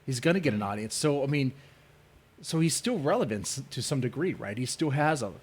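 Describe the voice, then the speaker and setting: A man's voice: mid-range voice, lively intonation, fairly quick, husky. A man hosting a casual livestream debate, rambling and joking with his chat. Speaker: stream host.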